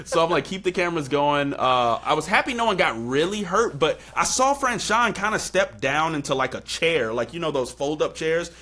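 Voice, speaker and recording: Bright-voiced man telling a story animatedly. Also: moderate pace, hardly any pauses. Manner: animated storyteller, acts out quotes in high excited bursts. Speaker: podcast host. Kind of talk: casual storytelling chat.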